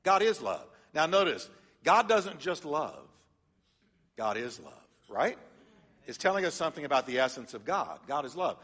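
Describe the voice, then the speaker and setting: A man, preaching a teaching sermon as pastor, animated and leading his congregation in call-and-response. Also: on the high side, normal speed, slightly rough, long reverb tail. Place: church sanctuary.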